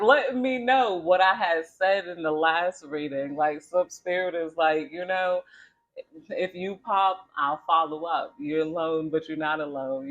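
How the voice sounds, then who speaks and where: A talkative man with a fairly high voice gives a casual tarot reading, laughing often as he tells a story. His audio sounds dull and lo-fi. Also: fairly bright tone. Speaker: tarot reader.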